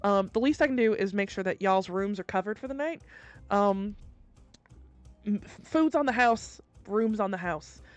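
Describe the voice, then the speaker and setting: A woman's voice: medium pitch, moderate pace, dry recording, natural voice. A woman voicing a harried male innkeeper who scolds his brother in a stammering, exasperated way. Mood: apologetic. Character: angry harried innkeeper man, older brother.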